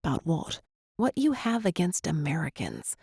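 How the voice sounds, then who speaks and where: A woman's voice: low-pitched, huge pitch swings, vocal fry, darkish tone, slightly rough, dry recording, clean studio sound, exaggerated voice. A woman doing a bubbly young American woman. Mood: playful. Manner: bubbly, quick, easily embarrassed.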